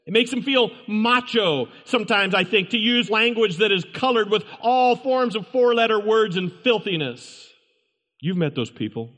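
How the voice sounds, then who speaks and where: A man's voice: high-pitched, animated, normal speed, fairly bright tone. A pastor delivering an emphatic sermon, repeating his points and asking the congregation rhetorical questions. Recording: long reverb from a large room.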